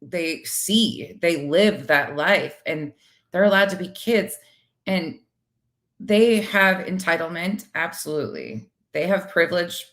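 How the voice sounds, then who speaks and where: A middle-aged woman co-hosting a casual livestream talk show, blunt, animated and quick to swear as she reads viewer comments. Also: lowish voice.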